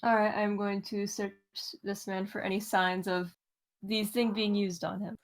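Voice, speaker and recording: A woman's voice: medium pitch, level tone, measured pace. A woman playing a tabletop game, casual and self-deprecating. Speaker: player.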